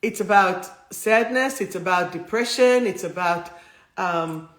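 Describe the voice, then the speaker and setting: A woman's voice: medium pitch, a little slow. A woman streaming a spiritual talk live on two phones, wandering from thought to thought and easily moved by her own stories. Her voice bounces around a roomy, echoing space. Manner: warm, rambling, emotional, easily moved. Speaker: spiritual healer and host. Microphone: two phones streaming at once. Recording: roomy echo.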